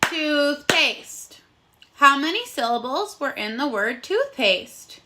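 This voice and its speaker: A woman teaching a recorded phonics lesson to young children, encouraging them and sounding out words slowly and clearly. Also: high voice, big pitch swings, background noise. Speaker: first grade teacher.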